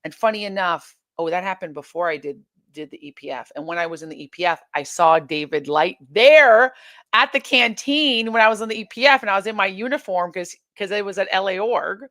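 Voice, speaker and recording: A woman guest in an interview, recounting her experiences in an animated way, often restarting sentences and acting out what others said. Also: medium pitch, brisk, no echo, studio quality. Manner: animated retelling, many restarts, acts out quoted exchanges. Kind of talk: candid interview storytelling.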